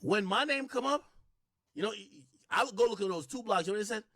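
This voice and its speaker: A man hosting a livestream, talking in a casual rant that swings from low mutters to shouted bursts. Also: fast talker, dry recording, studio quality. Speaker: livestream host.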